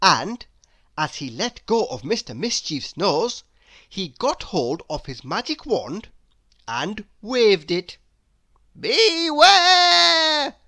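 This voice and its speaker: A woman's voice: medium pitch, big pitch swings, pushed and bright, no room sound, pitched above the performer's own voice, full character voice. A woman playing a scolding old wizard. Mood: stern. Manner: slow, drawn-out, scolding. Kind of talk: storybook read-aloud.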